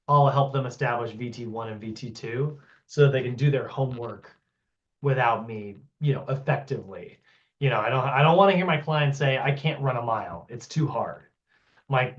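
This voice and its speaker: A man runs a fitness training class in a relaxed, conversational way. He keeps dropping "like" and "you know" and acts out what a client might say. His voice sits at an average pitch and comes through a dull, lo-fi connection. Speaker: fitness instructor. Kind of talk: casual explanatory teaching. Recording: dull, lo-fi sound.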